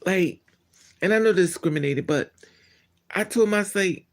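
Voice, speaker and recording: Blunt, creaky-voiced man chatting live. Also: high-pitched, moderate pace. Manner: blunt, candid and animated, laughing and trailing off. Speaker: live-stream host answering chat. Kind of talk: casual live-stream chat.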